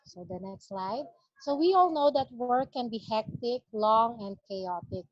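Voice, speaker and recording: A woman's voice: on the high side, dry recording. A woman doctor giving a medical lecture in an earnest, explanatory way, carefully defining terms. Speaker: palliative care consultant lecturing. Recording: dull, dry lo-fi audio.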